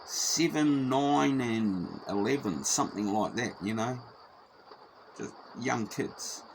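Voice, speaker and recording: A man's voice: medium pitch, creaky, background noise. A middle-aged man with a New Zealand accent telling a personal story casually, swearing freely and repeating himself as he goes.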